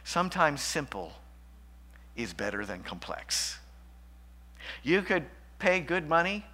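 A man preaching a sermon as pastor, shifting between loud emphatic lines and hushed, slow passages. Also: high voice.

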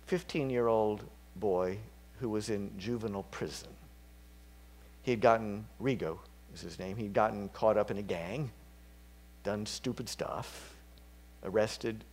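A man preaching a sermon, casual and chatty, dropping to whispers and climbing to loud, fervent peaks. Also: lowish voice. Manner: conversational, with fillers and slips.

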